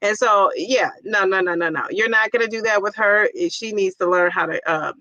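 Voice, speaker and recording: A woman's voice: mid-range voice, brisk, bright, forceful tone, no room sound, muffled recording. A middle-aged woman hosting a casual livestream, chatting, reading viewer comments aloud and laughing often. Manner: chatty, laughs often, exclaims "Jeez Louise". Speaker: livestream host.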